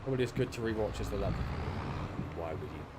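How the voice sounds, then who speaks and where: Lowish voice, guy chatting on a live stream, dry teasing, game engine noise behind him. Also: lively intonation, quick pace. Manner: chatty, wry, teasing chat replies. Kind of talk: casual live-stream chat while playing.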